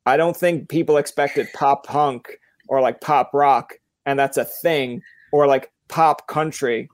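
Talking a little slowly in a mid-range voice with fairly even intonation, this Newfoundland podcast host rambles through stories in a relaxed interview. He does the voices of the people he quotes, his accent clear. The recording is dry and studio quality.

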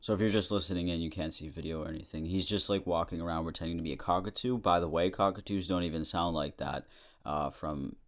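A man's voice: low-pitched, fast. A young man in his twenties hosting a podcast, rambling through a casual comedic monologue and chuckling often. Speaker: podcast host.

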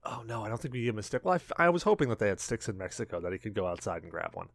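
A man's voice: on the low side, big pitch swings, rapid-fire, dry recording, studio quality. A man co-hosting a podcast, telling a story in casual chat, laughing often and acting out what people said. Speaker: podcast co-host.

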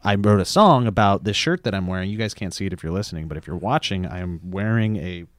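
A man co-hosting a podcast, telling a story with dry, quick jokes. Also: sits low, animated, dry recording. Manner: dry joking, quick quips. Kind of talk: casual chat, storytelling.

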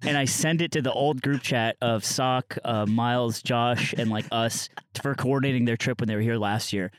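A man's voice: mid-range voice, steady tone, normal speed, no echo. A young man co-hosting a podcast, telling stories in a rambling, self-deprecating way. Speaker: podcast co-host. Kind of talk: casual chat.

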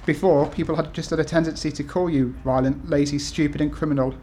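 Speaking fast with a somewhat high, steady, warm voice, a UK author in his thirties talks to an audience at an event, stumbling through ums and restarts. He then reads from his essays, with a little noise in the background.

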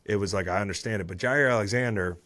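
A man's voice: lowish voice, fast, fairly bright tone. A man in his thirties, a former football player hosting a podcast, recapping the week's games in casual chat with swearing and rambling asides.

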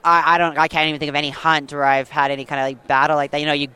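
A woman guest telling a long story with lively excitement, full of fillers and quick restarts. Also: sits low, smooth, dry recording. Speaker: guest hunter. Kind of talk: animated storytelling.

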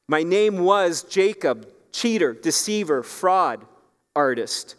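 A man delivers a sermon from the pulpit, unhurried and earnest, pressing his points home with pleading emphasis. His voice is smooth and resonant, carried by the long echo of a church sanctuary. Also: a little high, big pitch swings, a bit bright. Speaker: pastor.

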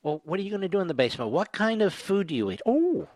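Animated, sarcastic male radio host. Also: high voice, fast talker, few pauses, dry recording, clean studio sound. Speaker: radio talk show host. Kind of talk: sarcastic political talk radio monologue.

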